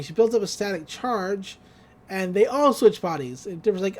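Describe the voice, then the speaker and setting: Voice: medium pitch, expressive, moderate pace, pauses often, darkish tone. A podcast co-host casually recapping a cartoon episode, acting out the characters' lines and laughing along the way.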